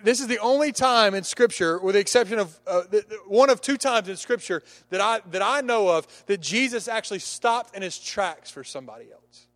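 A man's voice: high-pitched, a bit bright. A man preaching a sermon, telling a humorous story with many restarts and acting out the characters' lines.

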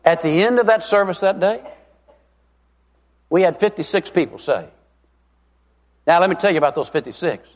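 A man's voice: high-pitched, expressive. A middle-aged man, preaching a revival sermon as an evangelist in a folksy, emphatic way, stretching out key words. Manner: folksy, emphatic, drawn-out stresses. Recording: long reverb of a large hall.

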